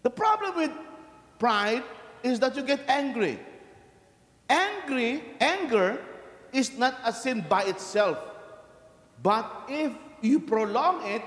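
A male priest preaches a sermon in a bright, high voice that swings widely up and down. He talks to the congregation in a lively, conversational way and keeps asking them questions. His voice carries a long echo through a large church hall. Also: slow, pauses often. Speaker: Catholic priest. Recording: echoey church hall from a distance.

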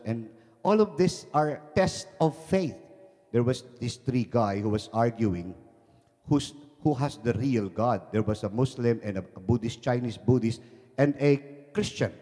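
A man preaching a sermon, telling joking stories in an animated way with many restarts. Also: medium pitch. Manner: animated storytelling, frequent restarts. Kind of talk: sermon with jokes. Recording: long reverb of a large hall.

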